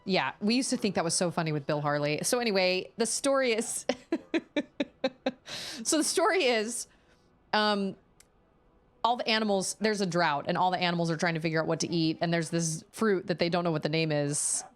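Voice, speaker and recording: A woman streaming a video game, chatting casually and rambling through a story in an animated way. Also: on the low side, moderate pace. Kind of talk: casual chat while gaming.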